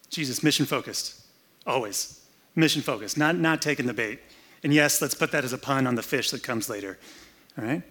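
A man's voice: mid-range voice, brisk, a bit bright, slightly rough. Man preaching in a chatty, joking way. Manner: conversational, humorous, acts out scenes. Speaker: pastor. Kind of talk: sermon. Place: air-conditioned room, indoors.

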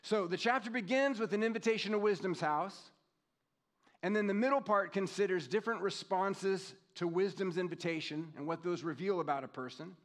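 A man in his fifties delivers a sermon with a somewhat higher-than-usual voice. He talks in a relaxed, conversational way, drawing out scripture readings slowly and reflecting on personal memories. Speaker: pastor.

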